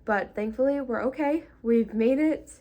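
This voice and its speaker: A woman's voice: fairly high pitch, normal speed, dark tone. A young woman vlogger telling a casual storytime, chatty and full of likes and ums. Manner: chatty, lots of likes and ums, half-laughing.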